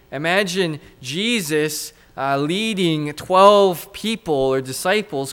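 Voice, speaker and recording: A man preaching a sermon, unhurried and emphatic, building his points through repetition. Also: high voice, a bit bright, clear, resonant tone. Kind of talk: expository sermon.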